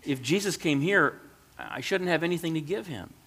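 A man doing a gentle old shoemaker. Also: a little high, lively intonation, moderate pace, husky, pitched above the performer's own voice, full character voice. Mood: wistful.

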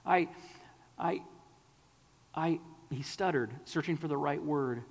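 Man preaching, gravelly voice, slightly high, long echoing hall. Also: takes it slowly, long pauses. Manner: earnest, pleading, drops to a whisper. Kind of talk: sermon.

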